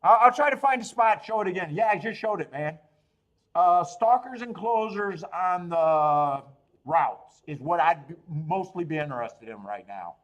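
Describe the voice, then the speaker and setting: Animated man hosting a racing stream. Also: sits high, muffled recording. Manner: animated, swearing, laughing, fast rambling with restarts. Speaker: host of a horse racing betting livestream. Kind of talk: casual livestream chat.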